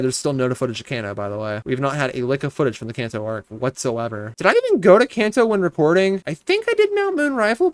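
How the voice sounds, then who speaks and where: Young male reviewer mocking his old work; animated, sarcastic, fairly high, smooth voice. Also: dry recording. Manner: sarcastic, ranting and self-mocking. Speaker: YouTube reviewer reacting to his old video. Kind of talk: casual reaction commentary.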